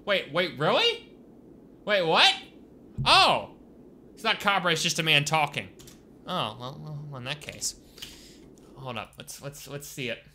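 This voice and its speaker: A man giving casual let's-play commentary as a gaming YouTuber, excitable and swinging from quiet mutters to loud bursts. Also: fairly high pitch, normal speed, a little hiss or hum.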